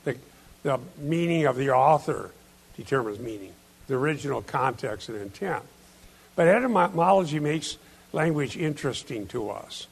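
A man's voice: mid-range voice, lively intonation, normal speed, vocal fry, husky. A male pastor giving an expository sermon, explaining scripture with emphatic points. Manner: emphatic, explains Greek word order and scripture.

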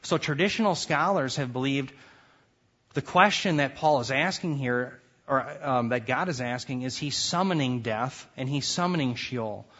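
A man's voice: mid-range voice, normal speed, fairly bright tone, husky, muffled recording. A man teaching a lecture class on scripture, reading verses aloud with rising force and emphasis. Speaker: Bible teacher.

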